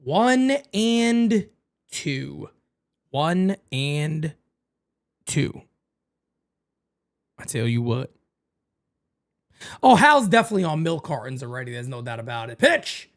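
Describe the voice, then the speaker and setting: A man hosting a live-stream watch party, calling the baseball game and chatting with viewers in a casual, excitable way. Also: slow, long pauses. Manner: animated, jumps into high excited calls then drops low and quiet.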